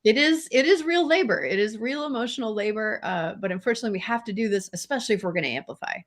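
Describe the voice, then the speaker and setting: A woman's voice: fairly high pitch, racing. A woman co-hosting a podcast, talking in an earnest, emphatic way with frequent fillers. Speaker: podcast co-host. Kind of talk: casual discussion.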